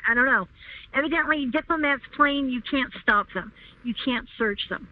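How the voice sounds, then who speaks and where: A woman recounting a personal story as an interview guest, speaking emphatically and repeating herself as she goes. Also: normal speed. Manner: emphatic, repeats herself, rising pitch when upset. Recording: tinny phone line, dry.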